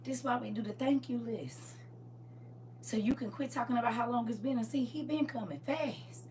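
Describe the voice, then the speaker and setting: A woman pastor talking casually on a live stream about faith, swinging from loud exclamations to hushed asides. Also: a little high, normal speed, distant mic, a little hiss or hum.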